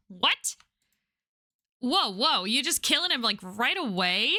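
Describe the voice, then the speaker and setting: Woman, game streamer, reading dialogue aloud, playful, casual swearing, bright, dry close sound. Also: on the high side, sing-song, takes it slowly, long pauses, no room sound.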